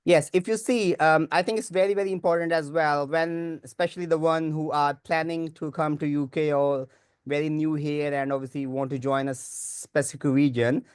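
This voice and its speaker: Hesitant man lecturing with a smooth voice. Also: a little high, steady tone, normal speed, no echo, clean studio sound. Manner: hesitant, many fillers and restarts. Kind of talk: conference lecture.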